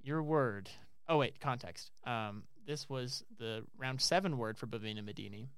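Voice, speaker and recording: A young man hosting a casual podcast game, animated and quick to laugh. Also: mid-range voice, clear, resonant tone, no room sound. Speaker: host.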